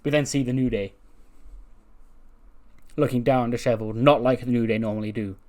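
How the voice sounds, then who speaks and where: A man's voice: medium pitch, fairly even intonation, darkish tone. A man narrating a wrestling management game run, telling the story and acting out the wrestlers' lines. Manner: storytelling, acts out wrestlers' lines in quick voices. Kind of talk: narrating a wrestling sim playthrough.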